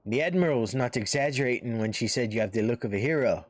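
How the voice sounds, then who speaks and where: A man voicing a flattering, courtly naval officer recruiting a hero in a game. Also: medium pitch, quick pace, dry recording, lightly acted.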